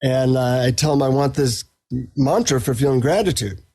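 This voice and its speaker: A middle-aged man, a psychotherapist and author, chatting as a podcast guest and telling anecdotes in a relaxed, self-deprecating way. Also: mid-range voice, moderate pace, slightly rough. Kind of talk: casual interview storytelling.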